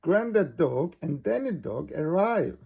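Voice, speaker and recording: Slow gravelly man reading a storybook. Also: fairly high pitch, very animated, dark tone. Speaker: storybook reader. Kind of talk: reading a children's storybook aloud.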